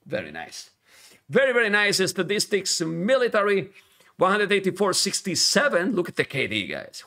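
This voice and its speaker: A man with a Spanish accent, a native Spanish speaker, casting a strategy game live, excitable and talking straight to viewers. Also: high-pitched, vocal fry. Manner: excitable, talks to viewers as guys, bursts into yelling at players. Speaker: esports caster.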